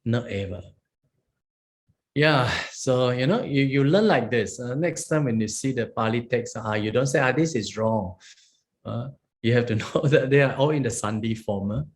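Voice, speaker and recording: A man with a medium-pitched, expressive voice teaches Pali grammar at a moderate pace. He goes through each word step by step, checking in with his listeners by asking "huh?" and "okay?"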